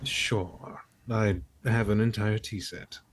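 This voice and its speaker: Polite slow guy playing his character, faint background hiss. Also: on the low side, steady tone. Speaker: player. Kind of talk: tabletop game play.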